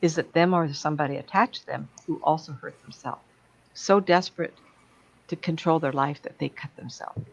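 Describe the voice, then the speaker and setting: A woman's voice: low-pitched, moderate pace, gravelly. A woman speaking as a psychic medium, giving a blunt, plain-spoken talk to an audience. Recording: dull lo-fi sound.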